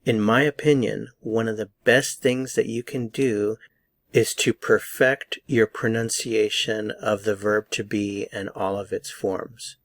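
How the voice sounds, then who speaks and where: Man, American accent, pronunciation teacher, slow and patient, lowish voice, dry close sound. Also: fairly even intonation, a bit bright, dry recording. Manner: patient, repeats words slowly for practice. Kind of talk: slow, deliberate pronunciation lesson.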